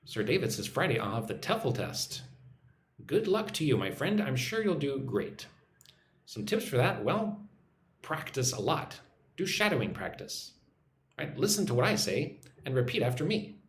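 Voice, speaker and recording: Lively American man teaching English live. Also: medium pitch, normal speed, reverberant. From United States. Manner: upbeat, reads viewer names aloud, models phrases to repeat. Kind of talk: casual live-stream lesson, reading chat comments. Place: home in a Vietnamese city.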